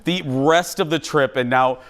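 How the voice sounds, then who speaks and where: A man's voice: mid-range voice, measured pace, clean tone. A man hosting a talk show, telling jokey stories to a studio audience. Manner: animated, jokey storytelling.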